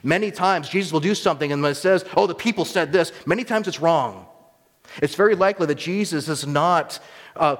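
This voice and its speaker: Man preaching in a reverberant hall. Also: on the high side. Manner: teaching, rising to emphatic peaks and dropping to quiet asides. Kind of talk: expository sermon.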